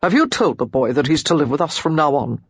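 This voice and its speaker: A woman doing a gruff brooding nobleman. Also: animated, dry recording, heavily acted. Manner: low, quiet and halting, sometimes near a whisper. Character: brooding aristocratic man, gruff and remorseful.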